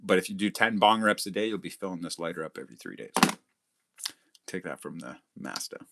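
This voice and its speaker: A man's voice: sits low, sing-song, fairly quick, gravelly, very noisy. A middle-aged man hosting a livestream, chatting casually, reading comments aloud, and swearing constantly as he boasts and rants. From Canada. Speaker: livestream host.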